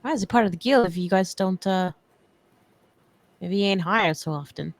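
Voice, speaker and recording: A woman's voice: mid-range voice, moderate pace, no echo. A woman playing a tabletop game who asks questions in a casual way. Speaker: player.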